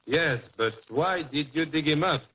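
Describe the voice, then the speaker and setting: A man's voice: on the high side, a little slow, background noise. A man with a French accent, a native French speaker, appearing as a singer guest and speaking in a polite, courtly way. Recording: lo-fi old radio broadcast with music.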